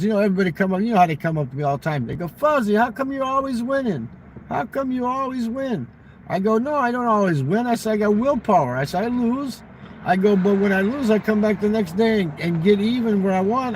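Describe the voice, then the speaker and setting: A man's voice: high voice, slight background noise, low-quality recording. A man telling a long, profane casino story in casual talk, acting out the exchanges he quotes.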